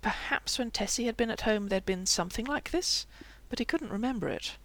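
A narrator reading a fantasy novel aloud in a lively, expressive way. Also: medium pitch, fairly quick. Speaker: audiobook narrator. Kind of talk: audiobook narration.

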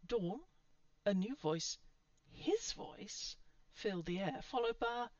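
A woman narrating a story in an expressive reading voice. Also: medium pitch, a little slow, no room sound, distant mic. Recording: dull lo-fi sound from off mic.

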